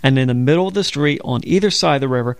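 Gravelly-voiced man co-hosting Bible talk. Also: mid-range voice, very fast, dry recording. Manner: conversational storytelling, explains scripture step by step. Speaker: co-host of a Bible program. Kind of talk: religious broadcast discussion.

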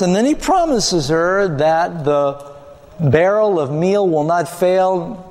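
Male preacher, a bit higher pitched, question-and-answer sermon style, recorded in a big echoing hall. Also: animated, slow pace, a little mellow. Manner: asks the audience questions and answers them himself. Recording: long hall reverb.

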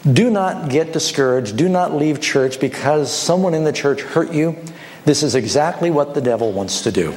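A male pastor preaching a sermon, telling illustrative stories with lively, animated delivery. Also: a little high, normal speed. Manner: animated storytelling, acting out voices.

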